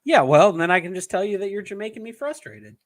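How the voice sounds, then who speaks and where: A man's voice: high voice, animated, fast talker. A young man co-hosting a podcast in casual chat, teasing, laughing often and drawing out his punchlines. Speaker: podcast co-host.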